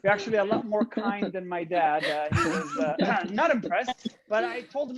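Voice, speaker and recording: A man's voice: high-pitched, lively intonation, moderate pace, fairly bright tone. A man from Israel speaks with his Israeli accent as he leads a magic show over a video call. He is playful and chatty, coaxing the audience along step by step. The call audio comes through dull and lo-fi.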